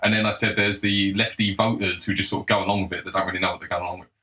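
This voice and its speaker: A man's voice: sits low, level tone, rapid-fire, bright, forceful tone, low-quality recording. Heated man in a scornful rant. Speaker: political commentator. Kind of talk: ranting solo commentary.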